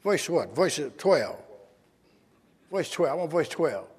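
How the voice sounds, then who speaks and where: A man's voice: fairly high pitch, big pitch swings, takes it slowly, slightly rough, big-room sound. A male pastor preaching a sermon with emphatic call-and-response to his congregation, in a church sanctuary.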